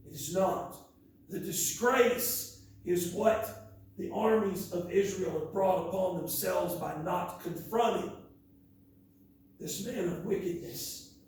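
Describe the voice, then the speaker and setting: A male preacher reads scripture slowly and emphatically, breaking into chatty asides. His voice carries from a distance through a big, strongly reverberant church hall with a faint ambient hiss. He speaks a little higher than most men. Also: darkish tone. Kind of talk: sermon. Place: church sanctuary.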